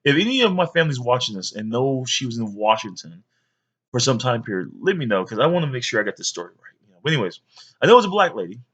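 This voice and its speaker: Give me a chatty father in his thirties telling a story, lively voice, muffled home-video audio. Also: mid-range voice, fast. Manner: rambling, chatty, many fillers.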